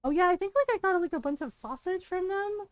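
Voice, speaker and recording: A woman with a high, bright-pitched voice rambles through her gameplay as a streamer, giggling often and leaning on "like" and "right?". The sound is close and dry, with no room around it. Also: animated, fast talker, no echo, poor audio. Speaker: game streamer. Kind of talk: casual gameplay commentary.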